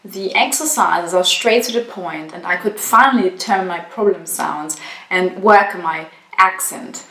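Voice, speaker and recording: A woman's voice: on the low side, measured pace, a bit bright. A young woman with as her language, a university student giving a careful, matter-of-fact testimonial. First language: German. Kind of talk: spoken testimonial. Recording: echoey room.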